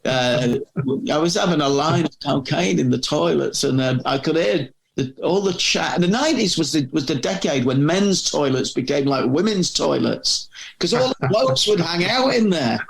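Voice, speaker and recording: A middle-aged man with a gravelly, slightly raised voice spins long anecdotes in casual conversation. He restarts sentences and doubles back as he goes. His stories ramble at an easy chat pace. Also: on the high side, animated, normal speed. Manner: rambling storyteller with frequent restarts. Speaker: podcast guest, former magazine editor.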